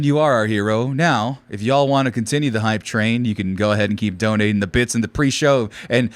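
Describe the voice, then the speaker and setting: A man co-hosting a casual livestream podcast, excitedly reading out chat and donations. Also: a little high, no echo. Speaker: podcast co-host.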